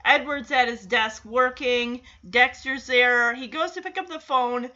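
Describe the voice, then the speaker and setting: Bright, chatty woman recapping a show. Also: high voice, measured pace, highs cut off. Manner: chatty, laughing, excitable. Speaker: reaction video host. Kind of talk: casual recap and reaction.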